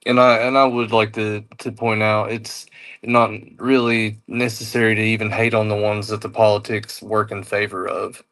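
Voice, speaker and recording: A man's voice: lowish voice, level tone, moderate pace, a bit bright. A man co-hosting a casual talk show, speaking in an easygoing, reassuring way with lots of "you know.".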